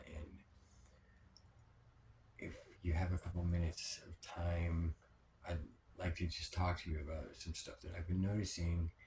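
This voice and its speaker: A man telling a personal diary vlog, rambling with many fillers, sometimes dropping to a near whisper and swearing when upset. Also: deep voice. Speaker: vlogger. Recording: echoey room with background noise.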